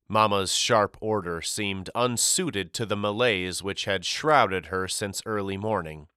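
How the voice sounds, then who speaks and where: A male audiobook narrator reads a storybook in a steady, clearly articulated way. His low voice has a bright, crisp edge. The recording is dry and close, with no room echo. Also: a little slow, few pauses.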